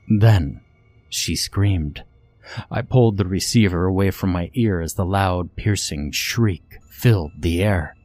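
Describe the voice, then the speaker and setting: A man reading a first-person horror story in a measured, tense way. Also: low-pitched, darkish tone. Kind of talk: scripted first-person narration. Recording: faint music underneath.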